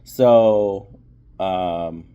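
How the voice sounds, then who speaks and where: A man's voice: low voice, drawn-out words, smooth, narrow, tinny audio. A man giving a casual spoken movie review, rambling with lots of fillers and restarts.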